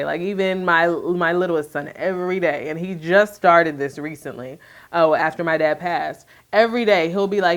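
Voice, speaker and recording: A woman talking candidly to camera in a soft, reflective way, with many fillers. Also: lowish voice, fairly even intonation, moderate pace. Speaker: vlogger sharing her grief. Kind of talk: candid personal talk to camera.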